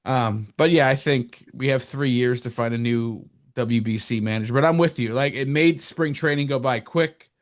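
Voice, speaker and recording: A man from New Jersey co-hosting a sports podcast, talking casually and fast. He rambles and gets animated, his voice leaping up when he mocks someone. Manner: animated, rambling, jumps up in pitch when mocking. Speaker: podcast co-host.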